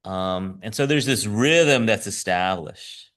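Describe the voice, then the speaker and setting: Animated man giving a chatty sermon. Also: on the low side, takes it slowly. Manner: animated, chuckling, frequent "right?" asides. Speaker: lay preacher and schoolteacher. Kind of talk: conversational sermon.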